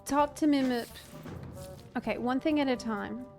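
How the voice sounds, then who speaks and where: A young woman streamer giving casual, excitable commentary while gaming, chatty and swearing now and then. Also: sits high, moderate pace, faint music behind.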